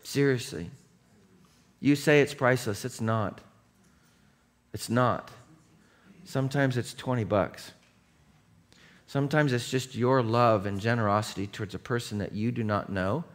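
A male pastor preaching a sermon in a loose, conversational way, telling a personal story and breaking into shouts. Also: mid-range voice, moderate pace. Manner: animated, conversational, bursts into shouts. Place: church.

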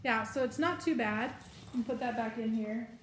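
A woman with a slightly high voice talks her way through packing a bag, chatty and thinking aloud as she goes. The room sounds roomy and echoey, with a faint hiss behind her. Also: normal speed. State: has the hiccups. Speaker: vlogger. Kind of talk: casual show-and-tell.

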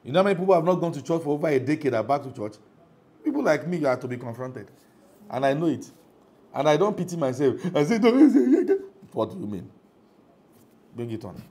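Nigerian pastor mid sermon, emphatic, keeps asking the crowd are you with me, pitch jumps all over. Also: male voice, expressive, quick pace, long pauses, darkish tone. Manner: emphatic preaching, rhetorical questions to congregation.

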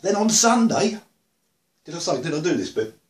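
A man's voice: a little high, sing-song, normal speed. An English man chatting casually to camera about beer and music, rambling with dry humor. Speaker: video blogger. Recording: roomy echo.

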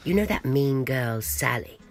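A woman doing a goofy puppet boy, very deep. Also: lively intonation, unhurried, dry recording, heavily acted.

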